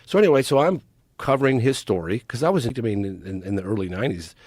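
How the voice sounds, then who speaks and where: A male podcast guest talks through a long personal story in a casual, emphatic way, with frequent restarts and repeated words. His voice rises and falls widely in pitch. The recording is dry and close, with no room sound. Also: lively intonation, fast talker, a little mellow, no echo. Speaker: podcast guest, documentary filmmaker.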